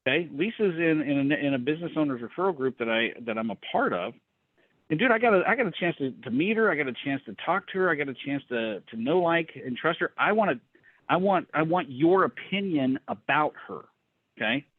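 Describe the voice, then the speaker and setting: A middle-aged man leads a business mastermind over a video call, talking fast and emphatically, repeating himself and acting out little conversations. His voice sits a bit high. The sound is thin, phone-like and dry. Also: animated, no echo. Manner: fast, emphatic, repeats words, acts out dialogue. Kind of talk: energetic coaching rant on a video call.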